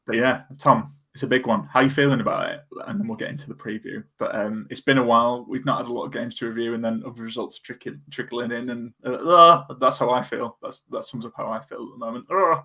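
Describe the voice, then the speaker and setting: A man's voice: mid-range voice, steady tone, quick pace, few pauses, bright, forceful tone. A man co-hosting a casual football podcast, chatty and self-deprecating, with lots of fillers. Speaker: podcast co-host.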